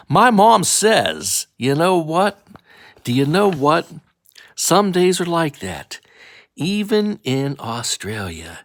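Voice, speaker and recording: A man reads a bedtime story with playful energy, slipping into a grumpy child's complaints. His voice is gravelly and swings widely in pitch. The recording is dry and close. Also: sing-song, slow pace, no echo. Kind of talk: animated bedtime story reading.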